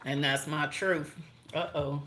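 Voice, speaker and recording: A middle-aged woman giving a casual tarot and astrology reading, blunt and profane, animated and laughing often. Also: deep voice, slow, very noisy. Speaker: tarot reader.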